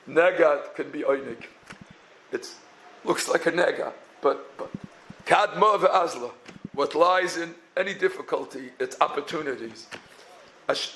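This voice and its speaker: A rabbi gives a Torah talk in a gravelly, slightly high voice. He mixes Hebrew and terms into his English and breaks into little chanted tunes. Faint noise hums behind him. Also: fairly bright tone, rough recording.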